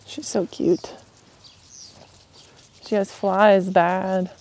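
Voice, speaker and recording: Woman softly soothing a young horse outside, slow mellow voice, lots of whispery bits, birds in the background. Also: mid-range voice, level tone, slight background noise. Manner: gentle, soothing, often hushed to a whisper. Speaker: horse trainer in a gentling challenge. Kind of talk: soft-spoken talk to a horse. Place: outdoors at a horse pen.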